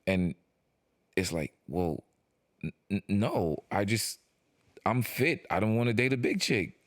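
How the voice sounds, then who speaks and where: Low-voiced man in casual podcast banter. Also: a little slow, dry recording, clean studio sound. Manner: animated, slangy, repeats words when starting a point. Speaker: podcast co-host. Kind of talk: casual chat.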